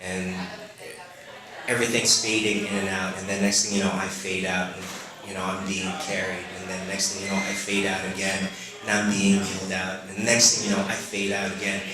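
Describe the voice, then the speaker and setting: A man in his late thirties from the Philippines, telling a personal story live on stage, halting and full of "you know" fillers. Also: deep voice, flat delivery, a crowd in the background. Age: late 30s. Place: stage before a live audience. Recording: very echoey room with audience.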